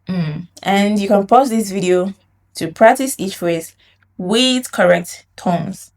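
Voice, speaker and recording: Female language teacher, unhurried delivery, drills phrases slowly for repetition. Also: mid-range voice, a little mellow. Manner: slow, drawn-out model phrases for learners to repeat; explains in English, demonstrates in Mandarin. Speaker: Mandarin teacher.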